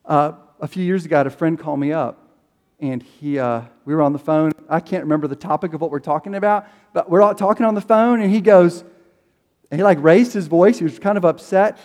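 A male pastor with a high voice preaches in a loose, conversational way, slipping into voices for prayers and quotes. His voice rings with the long reverb of a big room. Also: brisk, a little mellow. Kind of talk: sermon.

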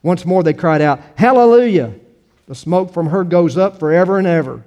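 A pastor giving a sermon, reading scripture with emphatic rises and then talking to the congregation with easy fillers. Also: male voice, fairly high pitch, fairly quick, a little mellow, in a large hall, lo-fi sound.

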